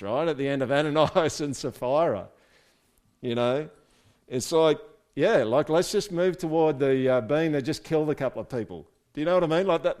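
A man's voice: a little high, a little mellow. A man preaching a casual, conversational sermon, with joking asides and frequent "right?" check-ins to his listeners. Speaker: pastor.

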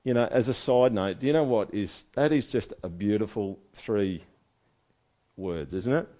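Low, mellow-voiced male preacher. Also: moderate pace. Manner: conversational, full of rhetorical questions. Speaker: pastor. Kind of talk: sermon.

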